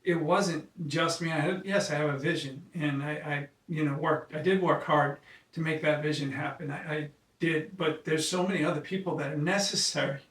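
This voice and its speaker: A man's voice: on the high side, steady tone, a bit bright. A man, an occupational therapist and founder, talking in a casual conversation. He tells earnest, emotional stories and often restarts his sentences. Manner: halting restarts. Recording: echoey room, mic at a distance.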